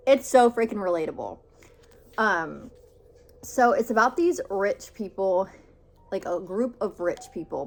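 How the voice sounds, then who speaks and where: Young woman, book vlogger, gushing and rambling, medium pitch, faint background hiss. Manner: gushing, filler-heavy with many "like"s and repeats. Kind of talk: casual book review vlog.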